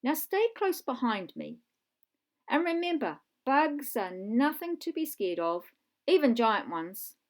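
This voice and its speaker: A woman's voice: on the high side, sing-song, takes it slowly, pitched above the performer's own voice. A woman voicing a cautious old professor. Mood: calm. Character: kindly older male professor, calm and cautious. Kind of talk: children's storybook reading.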